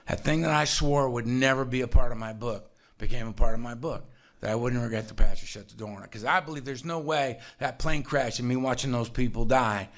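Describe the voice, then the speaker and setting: A man speaking in a relaxed, conversational way, telling a personal recovery story and acting out the people in it. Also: mid-range voice. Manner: animated storyteller, acts out voices, laughs often.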